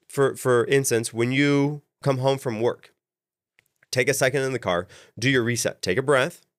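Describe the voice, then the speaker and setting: A man co-hosting a casual talk, giving calm coaching advice and often repeating words as he thinks. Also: medium pitch, dry recording, studio quality. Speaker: podcast co-host. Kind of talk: casual chat.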